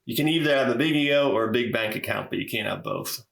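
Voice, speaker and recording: A male business coach talks on a podcast in a relaxed, storytelling way, often saying "you know". His voice has a roomy echo around it. His pitch sits in the middle range for a man. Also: fast talker, creaky. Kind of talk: casual podcast conversation.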